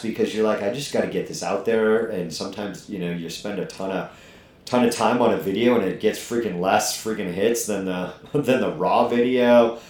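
Middle-aged guy, runs a gym, blunt and swears a lot, lowish voice, sounds echoey. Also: darkish tone. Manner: blunt, profane, fired-up motivational talk. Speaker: podcast host and gym owner. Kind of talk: casual podcast chat. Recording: echoey room.

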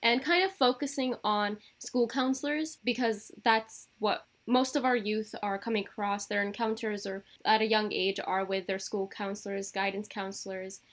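A young woman co-hosting a podcast, speaking in a measured way, reading definitions aloud and posing questions. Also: mid-range voice, fairly even intonation. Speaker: podcast co-host. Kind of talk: casual podcast chat.

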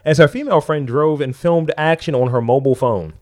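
A man's voice: fairly high pitch, fairly quick, darkish tone. A man co-hosting a crude comedy podcast, laughing and stumbling as he reads news stories aloud. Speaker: podcast co-host. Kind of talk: casual crude comedy chat.

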